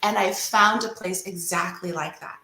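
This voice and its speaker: A woman's voice: medium pitch, moderate pace, a crowd in the background. Earnest woman, echoey room. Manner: earnest storytelling. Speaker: guest. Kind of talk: faith testimony and teaching.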